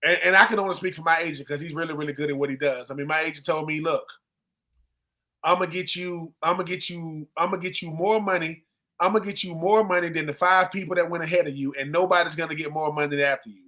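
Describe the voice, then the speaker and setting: Man, 40s, sports podcast co-host, high voice, casual animated storytelling. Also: fast. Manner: animated storyteller who acts out quoted people. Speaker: co-host, former football player.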